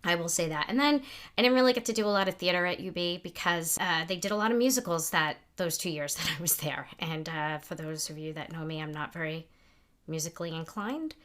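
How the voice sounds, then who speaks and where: A woman's voice: fairly low pitch, a little fast. A woman co-hosting a podcast, telling stories in a casual chat and acting out the people she quotes. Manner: animated, lively storyteller who acts out quotes. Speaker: podcast co-host.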